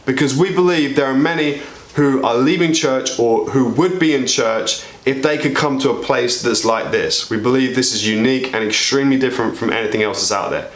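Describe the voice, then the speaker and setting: A man preaching an energetic, joking sermon to his church, his pitch swinging widely as he appeals for volunteers. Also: reverberant. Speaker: pastor.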